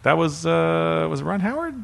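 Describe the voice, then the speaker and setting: A man co-hosting a podcast, chatting casually about movies and agreeing quickly. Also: a little high, sing-song, creaky, a little hiss or hum. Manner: quick, agreeable, lots of backchannel. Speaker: podcast co-host.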